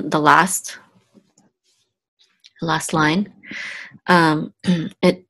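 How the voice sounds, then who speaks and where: A woman teaching Biblical Hebrew word by word in a patient, self-correcting way, sounding out each letter and vowel. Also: fairly low pitch. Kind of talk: slow word-by-word reading lesson.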